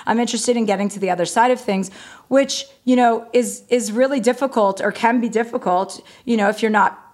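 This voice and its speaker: A woman's voice: fairly high pitch, fairly quick, a little mellow. A woman comedian, a guest in a casual interview, telling candid stories, acting out quoted conversations and using many fillers like "you know".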